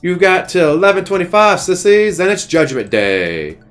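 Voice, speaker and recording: A man voicing a gruff, middle-aged drill-sergeant history teacher from a game, barking insults at his class. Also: high-pitched, big pitch swings, moderate pace, a bit bright, faint music behind, voice pushed up.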